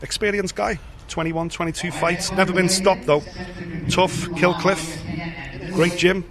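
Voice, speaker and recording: A man giving upbeat, stat-heavy fight commentary with lots of quick agreement. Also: high-pitched, fairly even intonation. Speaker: pundit. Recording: live arena with crowd noise.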